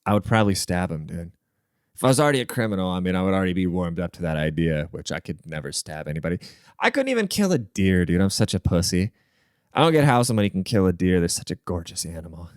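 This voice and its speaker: A man's voice: low voice, fast talker, clean tone, no echo, clean studio sound. A man hosting his own podcast, rambling through a crude, profane solo rant with jokey asides. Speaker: podcast host.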